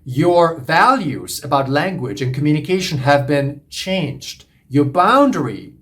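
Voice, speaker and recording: A man's voice: fairly high pitch, big pitch swings, unhurried, fairly bright tone. A man coaching on relationships, lecturing in an earnest, repetitive, emphatic way. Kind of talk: monologue lecture to camera.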